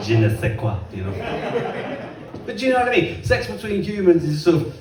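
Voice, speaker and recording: A man performing a chatty, self-mocking stand-up set and acting out voices in loud bursts. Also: a little high, wildly swooping pitch, fairly quick, a crowd in the background. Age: 30s. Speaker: stand-up comedian. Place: comedy club stage, heard from across the room. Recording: roomy live club recording from a distance. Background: faint audience laughter.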